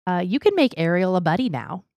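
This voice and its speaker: A young adult woman co-hosting a casual podcast, chatty and animated, telling stories with quoted voices. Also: on the low side, a little fast, dry recording. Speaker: podcast co-host. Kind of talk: casual chat.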